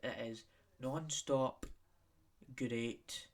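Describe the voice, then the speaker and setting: A young Scottish man hosts a solo podcast in a mid-range voice with fairly even intonation, speaking very slowly. He rambles, drifts onto tangents, and keeps repeating himself.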